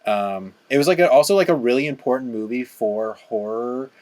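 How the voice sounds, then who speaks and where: A podcast co-host in casual chat, talking with quick, agreeable enthusiasm. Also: medium pitch, a little mellow.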